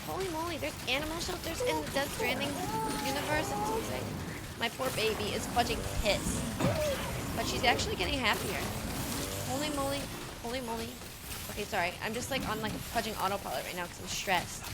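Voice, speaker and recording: A woman gives casual live commentary over a video game, excitable and quick to exclaim. Her voice is high and swings widely in pitch. Loud game music plays behind her. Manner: excitable, exclaiming, repeats phrases. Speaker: game streamer.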